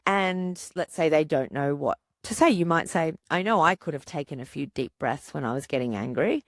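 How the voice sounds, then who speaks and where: A woman psychologist hosting a podcast, calmly coaching parents and asking rhetorical questions. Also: low-pitched, normal speed, few pauses, no room sound, clean studio sound. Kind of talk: podcast monologue giving parenting advice.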